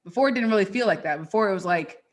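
A woman's voice: mid-range voice, animated, racing. A woman guest on a podcast, talking earnestly and casually about her faith and purpose, with a lot of "like" fillers. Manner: earnest and faith-driven, peppered with "like". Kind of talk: casual interview chat.

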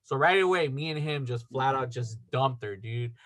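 A man's voice: mid-range voice, lively intonation, moderate pace, a bit bright. A man telling a story in casual chat, rambling with lots of fillers and acting out the dialogue. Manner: rambling, filler-heavy, acts out quoted dialogue. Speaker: podcast storyteller.

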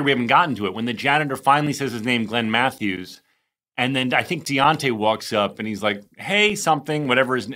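A man hosting a casual podcast chat, upbeat and quick to laugh as he asks his guests questions. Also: medium pitch, bright, forceful tone. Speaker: podcast host.

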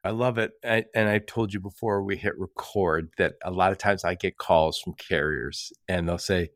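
A man's voice: low-pitched, normal speed, fairly bright tone, no room sound, studio quality. A man hosting a casual podcast conversation, telling stories and acting out quoted exchanges with frequent laughs. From Michigan. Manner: chatty storyteller, acts out quoted exchanges, laughs often. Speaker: podcast host.

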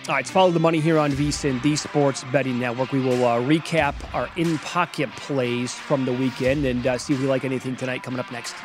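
A man's voice: medium pitch, fairly even intonation, a little fast, few pauses, loud music behind the voice. A man hosting a sports betting show from a casino sportsbook studio, running through his bets in a wry, matter-of-fact way.

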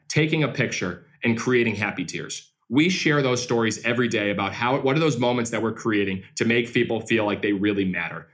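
A man who owns a baseball team, answering interview questions as an energetic, animated storyteller. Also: medium pitch.

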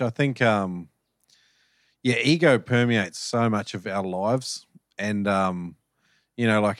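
A man talking casually as a podcast guest, relaxed and hesitant with lots of fillers. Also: fairly low pitch, dry recording, studio quality. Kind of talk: casual conversation.

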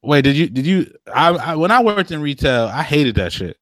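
A man's voice: a little high, sing-song, moderate pace, fairly bright tone, no echo, clean studio sound. A young man co-hosting a casual chat, slangy and profane, often laughing and acting out what others say.

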